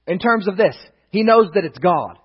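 A man preaching a sermon as pastor, stressing key phrases slowly and loudly, then dropping low and quiet for asides. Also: lively intonation, husky. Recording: dull lo-fi sound with long reverb.

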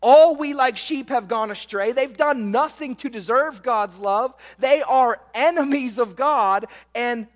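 A man delivers a sermon in a strikingly high voice, taking his time over each phrase. He keeps turning to the congregation with rhetorical questions. The sound carries the long tail of a reverberant church hall. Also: a little slow, hardly any pauses. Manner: emphatic, with frequent rhetorical questions to the listeners. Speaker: preacher.

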